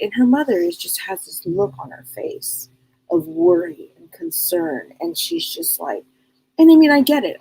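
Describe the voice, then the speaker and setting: A woman's voice: mid-range voice, dark tone, breathy edge, poor audio. A woman hosting a live broadcast as a psychic medium, talking earnestly in a casual, rambling way and often repeating and restarting her words.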